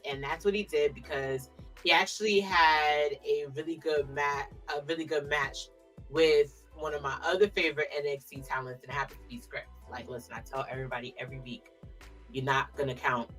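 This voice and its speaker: A woman's voice: low voice, fairly even intonation, normal speed, fairly bright tone, distant mic, faint music behind. A woman co-hosting a podcast, chatting casually and emphatically about last week's matches, full of slangy asides. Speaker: podcast co-host. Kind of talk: casual wrestling recap chat.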